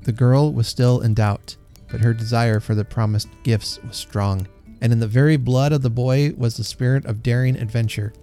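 Male storyteller, mellow and gentle, faint guitar under the reading. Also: mid-range voice, steady tone, moderate pace. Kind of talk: reading a classic story aloud.

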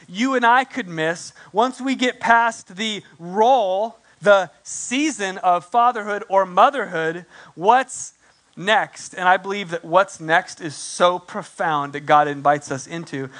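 A male pastor preaching a sermon in a conversational way, slipping quick acted asides into his telling. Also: sits high, a bit bright.

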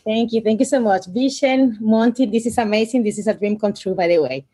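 A woman's voice: fairly high pitch, a little fast, dark tone, husky. A woman from the audience effusively thanking the speakers before asking her question. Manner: effusive, grateful. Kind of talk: live online question.

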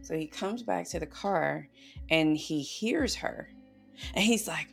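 Low, gravelly-voiced woman telling a personal story. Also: lively intonation, slow pace, faint music behind. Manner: emotional, earnest, heavy on fillers like "you know". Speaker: podcast guest.

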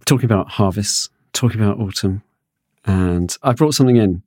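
A man's voice: on the low side, a little fast, darkish tone. A man hosting a podcast in a studio, chatting casually with hesitant restarts and fillers. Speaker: podcast host.

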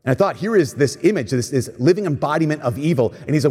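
A man with a husky, slightly breathy voice delivers a storytelling sermon, slipping into the voices of the people he quotes. His words ring out with a long reverb, as though spoken in a large hall. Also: on the high side, brisk. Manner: animated retelling with quoted voices. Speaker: preacher.

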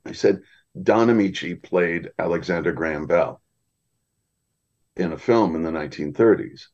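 A man, an audiobook narrator, telling lively anecdotes in a podcast conversation. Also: low-pitched, normal speed, highs cut off. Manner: animated anecdotes with acted quotes. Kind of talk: storytelling in a podcast chat.

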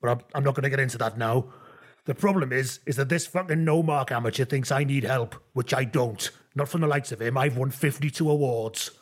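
A man playing a rude, boastful man who shouts insults and swears about his awards. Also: medium pitch, fairly quick, close to an everyday voice. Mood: scornful.

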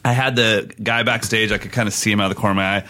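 A man with a bright, forceful voice that sits a little low, co-hosting a drumming podcast in casual chat. He tells stories with energy and acts out the lines of the people in them. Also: racing. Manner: animated storyteller, acts out quotes. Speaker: podcast co-host and drum clinician.

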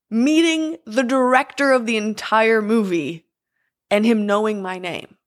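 A young woman casually telling a personal story, acting out the other people's lines with lively shifts in her voice. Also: on the high side. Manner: animated, acts out quoted voices.

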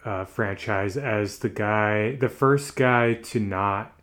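A man's voice: fairly low pitch, takes it slowly, a bit bright. A man co-hosting a podcast in casual chat, recapping loosely with many fillers. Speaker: podcast co-host.

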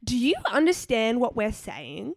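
A woman's voice: fairly high pitch, big pitch swings, measured pace, vocal fry, dry recording, clean studio sound. A young Australian woman co-hosting a podcast, chatting playfully and filling her talk with "like". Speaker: podcast co-host. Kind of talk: casual chat.

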